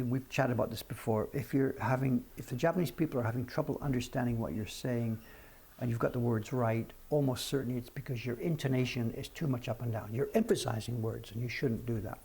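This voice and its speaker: A man's voice: medium pitch, gravelly, darkish tone, husky. A man in his seventies chatting casually on his livestream, frank and self-deprecating as he answers viewers' questions. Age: 70s. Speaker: livestream host.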